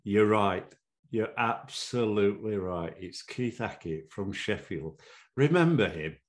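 Jokey male ground announcer ribbing the ref , read by an older man, low voice. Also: expressive, a little slow. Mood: teasing. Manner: mocking, jokey. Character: male stadium announcer teasing the referee.

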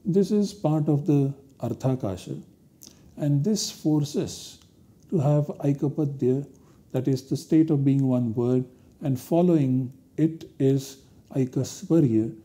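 A man giving a university lecture, explaining step by step in a slow, deliberate way. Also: medium pitch, warm tone. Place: recorded lecture studio.

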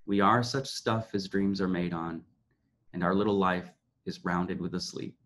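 A man reading aloud as an aging male sorcerer-duke, speaking grave verse in a slow, measured way. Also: sits low, fairly even intonation, fairly bright tone. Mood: solemn.

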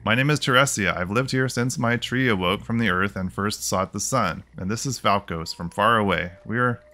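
A man's voice: lowish voice, normal speed, pushed and bright. A man voicing a tender young female dryad in a fantasy game, reading her lines earnestly and emotionally. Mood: pleading.

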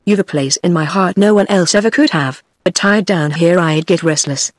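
A text-to-speech woman's voice with a British English accent, voicing a restless, wistful young Southern woman in a flat synthetic delivery. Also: on the low side, moderate pace, no room sound, studio quality.

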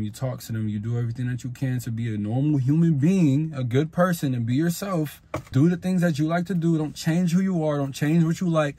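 In a casual vlog monologue, a young man offers slangy, profane, blunt tips on making friends as a self-improvement vlogger in young adulthood. He has a medium-pitched, mellow voice, and there is a little hiss or hum.

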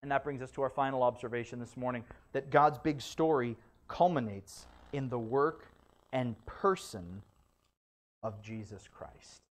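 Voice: mid-range voice, unhurried. A pastor delivering a sermon in a church, stacking repeated phrases for emphasis. Sometimes stumbles and corrects with a light laugh.

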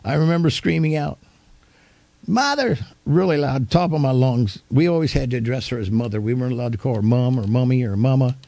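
An older man, a pastor, giving a storytelling sermon in a folksy, homespun manner with animated retelling. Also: medium pitch, quick pace, hardly any pauses, dry recording.

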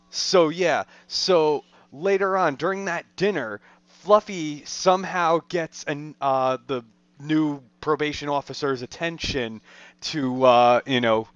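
A man's voice: a little high, a bit bright, clear, resonant tone, no room sound, dull audio. A man co-hosting a podcast, chatting casually about a film in a rambling way full of fillers. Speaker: podcast co-host.

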